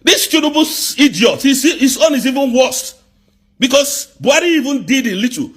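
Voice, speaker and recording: A man with a Nigerian accent in an angry live rant, firing off accusing rhetorical questions and sometimes shouting. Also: very high voice, expressive, normal speed. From southeast Nigeria.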